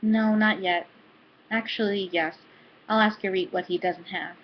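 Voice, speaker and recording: A tired wife who speaks plainly and to the point , as a woman reads her out. Her voice sits at a middle pitch. The recording is slightly dull, with faint hiss behind it. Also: steady tone, a little slow, natural voice. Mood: matter-of-fact. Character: tired wife planning fertility treatment, quiet.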